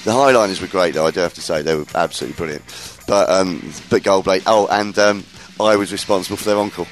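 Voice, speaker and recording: A man's voice: deep voice, fast talker, soft background music. A man hosting a casual radio chat, enthusiastic and rambling, often restarting his sentences. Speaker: radio show host.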